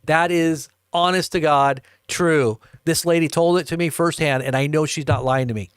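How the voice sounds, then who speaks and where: A man with a slightly high voice tells a long, rambling story and chats with his viewers live. He often repeats and restarts himself and laughs between lines. The sound is close and dry. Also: steady tone, normal speed, smooth, no echo. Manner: rambling, chuckling, addresses viewers directly. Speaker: livestream host. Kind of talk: casual storytelling to a live chat.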